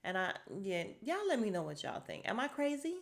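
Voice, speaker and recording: A woman's voice: fairly high pitch, sing-song, a little fast, vocal fry, slight background noise. A woman hosting a casual podcast, chatting her way through a TV episode recap and retelling scenes in quoted voices. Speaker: podcast host recapping a TV show.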